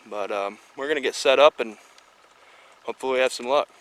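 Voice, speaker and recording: A man's voice: medium pitch, brisk, fairly bright tone, smooth. A man from Michigan hosting a fishing vlog, talking in an easygoing, chatty way full of fillers, recorded on a camera mic outside by a rural lake. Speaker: fishing show host. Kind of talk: casual outdoor vlog chat.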